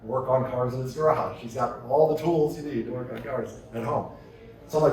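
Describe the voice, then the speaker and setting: A man's voice: mid-range voice, a little fast. A man giving a live talk to an audience, telling stories and firing off rhetorical questions. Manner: energetic storytelling with rhetorical questions. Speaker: keynote speaker. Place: large conference hall. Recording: echoey hall, distant mic.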